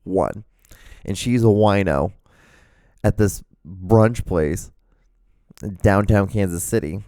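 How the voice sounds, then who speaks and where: Man, low mellow voice, dry close sound, rambling podcast storyteller, swears, mimics people. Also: slow pace, dry recording. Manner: rambling, profane, acts out quoted voices. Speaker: podcast host. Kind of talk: casual solo storytelling monologue.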